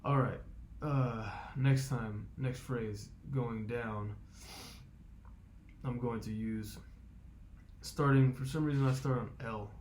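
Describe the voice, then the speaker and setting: A man talking through his vocal warm-up routine, explaining step by step and thinking aloud with fillers. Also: mid-range voice, fairly even intonation, takes it slowly, a little hiss or hum. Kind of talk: casual instructional vlog.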